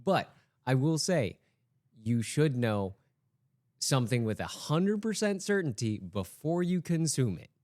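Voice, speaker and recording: A man's voice: mid-range voice, very animated, measured pace, a little mellow, dry recording. A man guesting on a casual podcast chat, easygoing and joking.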